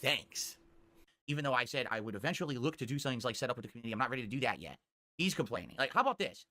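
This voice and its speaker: Fast, bright-voiced ranting man. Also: medium pitch, expressive. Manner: irritable, profane, defensive. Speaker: livestreamer. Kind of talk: livestream rant.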